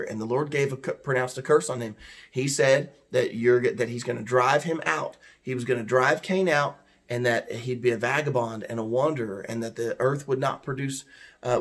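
A man giving a conversational Bible teaching, earnest and explaining, asking his listeners rhetorical questions. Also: mid-range voice.

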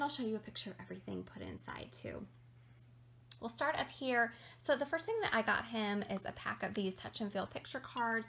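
A woman's voice: medium pitch, a bit bright. A chatty young woman talks to her camera in a casual show-and-tell vlog. Her delivery is upbeat and friendly, dotted with ums as she goes. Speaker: vlogger.

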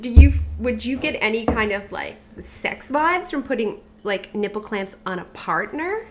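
A woman's voice: on the high side, expressive, measured pace, darkish tone, slight background noise. A woman co-hosting a podcast, chatting casually and frankly, swearing freely and joking around. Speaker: podcast co-host.

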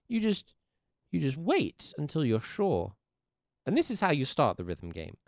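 Male music teacher, livestream lesson: gravelly tone, very animated pitch, dry close sound, playful and encouraging. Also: a little slow, dry recording. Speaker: music teacher streaming live.

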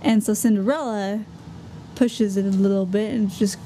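A female podcast co-host with a warm, mellow tone, speaking at a mid pitch. She retells a fairy tale in an easygoing, conversational way and trades lines with her partner. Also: moderate pace, a little hiss or hum, poor audio. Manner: relaxed and conversational, chiming in. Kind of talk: casual storytelling chat.

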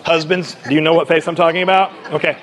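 A man preaching a sermon as pastor at a church service, animated and conversational, often quizzing the congregation. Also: on the high side, fast talker, slight background noise.

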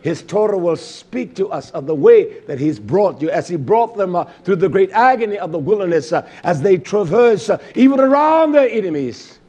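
High-voiced impassioned male preacher. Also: expressive, normal speed, hardly any pauses, slightly rough. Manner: impassioned, swings from shouts to low murmurs; repetitive, call-and-response phrasing. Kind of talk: sermon. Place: seated while preaching.

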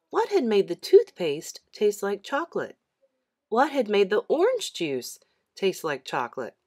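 A woman reading a children's chapter book aloud as narrator, with an expressive storytelling delivery. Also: medium pitch. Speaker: read-aloud host.

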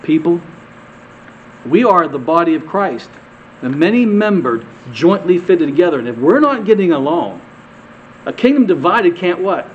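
High-voiced man preaching, lo-fi sermon recording. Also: very animated, normal speed, a little hiss or hum. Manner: conversational, repeats words, rhetorical questions to the congregation; swings from loud emphatic peaks to quiet low asides. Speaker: pastor.

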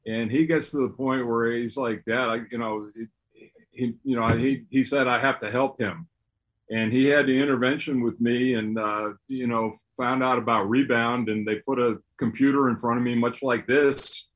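A man's voice: mid-range voice, fairly even intonation, normal speed, fairly bright tone, muffled recording. A middle-aged man, a former basketball player, talking candidly and with self-deprecation about his recovery. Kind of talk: casual conversation.

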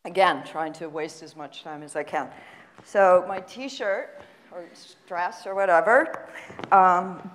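A woman giving a university math lecture in a relaxed, chatty way with self-deprecating asides. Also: medium pitch, a little hiss or hum. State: slightly winded from running. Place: lecture hall. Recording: long hall reverb.

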